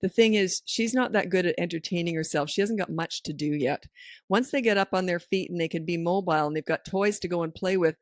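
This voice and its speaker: On a parenting podcast, a middle-aged woman speaks briskly in a voice on the low side. Her advice is down-to-earth and casual, told through stories where she voices the quoted lines, and the recording is dry and studio quality.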